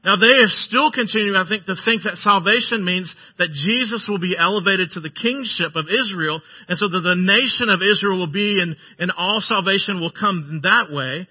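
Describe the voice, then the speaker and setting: A man's voice: sits high, moderate pace, few pauses, breathy edge. A male pastor giving a sermon, earnest and emphatic, repeating phrases to drive points home. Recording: dull lo-fi sermon recording.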